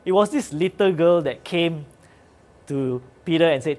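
A man's voice: fairly high pitch, animated, a little slow, darkish tone. A man preaching a sermon in an earnest, conversational way, with occasional fillers.

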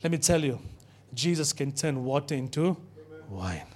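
At normal speed, a man preaches to his congregation in a high, lifted voice, keeping things animated and inviting call-and-response.

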